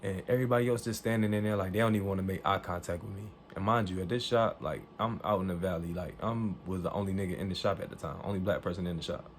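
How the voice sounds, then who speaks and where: A man telling a story to the camera in an animated, emphatic way, swearing freely and acting out what people said. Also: low voice, fast talker, few pauses, slight background noise. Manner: profane, emphatic, acts out quoted dialogue.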